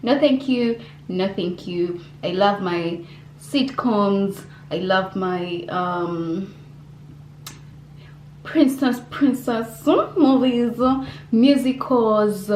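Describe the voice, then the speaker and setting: A woman's voice: lowish voice, a little hiss or hum. Young woman from uganda, chatty and rambly, lots of "like" and restarts, echoey room. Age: young adult. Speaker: vlogger. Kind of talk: casual Q&A vlog chat. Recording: echoey room with faint ambience.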